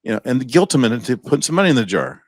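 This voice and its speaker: A man's voice: mid-range voice, very animated, racing, no echo, studio quality. A man co-hosting a podcast, telling a rambling story in a casual chat, chuckling often and acting out the voices of the people in it. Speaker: podcast co-host.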